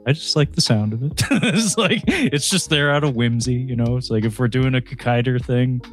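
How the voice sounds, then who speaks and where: A man's voice: medium pitch, moderate pace, faint music behind. A man co-hosting a casual film review podcast, recapping the plot in a rambling way with frequent laughs and restarts. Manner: laughs often, rambling with many restarts and fillers.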